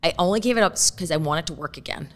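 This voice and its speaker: A woman's voice: lowish voice, racing, fairly bright tone. Candid storytelling woman, swearing freely. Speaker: podcast guest. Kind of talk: casual chat.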